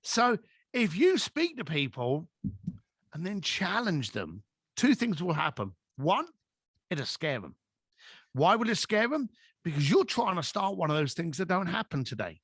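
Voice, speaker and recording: A man as a podcast guest, giving advice through animated stories and acting out quoted dialogue. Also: high voice, a little slow, husky, no echo, clean studio sound. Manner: acts out quoted dialogue with lively voices.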